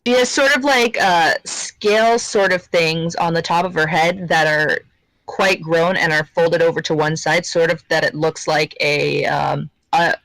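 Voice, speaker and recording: A woman's voice: sits low, steady tone, unhurried, a bit bright, rough recording. A woman playing a tabletop game, describing her character hesitantly with many fillers. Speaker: player.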